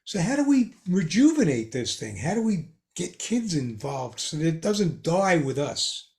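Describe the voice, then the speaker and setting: A man's voice: fairly high pitch, unhurried, vocal fry. Older man telling chuckling stories. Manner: animated, chuckling anecdotes. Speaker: guest ham radio expert. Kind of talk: casual storytelling in a podcast chat.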